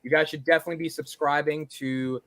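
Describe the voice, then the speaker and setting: A man hosting a podcast who chats casually in a playful, excitable, teasing way. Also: fairly high pitch, fast talker. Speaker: podcast host. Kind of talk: casual chat.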